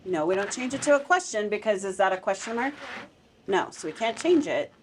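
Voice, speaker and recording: A woman's voice: medium pitch, animated, brisk. Woman teacher, patient and encouraging, coaching a small reading group, with slight room noise. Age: adult. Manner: encouraging, coaxing, asks questions. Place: classroom.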